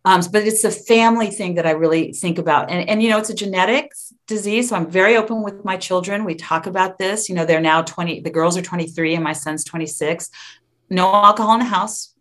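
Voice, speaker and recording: A woman in her fifties speaking openly as an interview guest, frank and quick to laugh, with some stumbling restarts. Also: lowish voice. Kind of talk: candid interview conversation.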